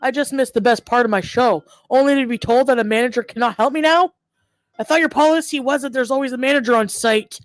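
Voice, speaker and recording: A high-pitched, entitled customer in a cartoon parody airs her complaint in a prim, fussy, overly formal way, as a woman acts her out. The sound is close and dry. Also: fast talker, dry recording, natural voice, poor audio. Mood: indignant.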